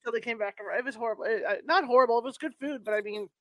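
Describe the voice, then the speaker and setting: A woman hosting a relaxed interview. She talks quickly, and she tosses in her own short anecdotes between questions. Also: on the high side. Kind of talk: casual interview chat.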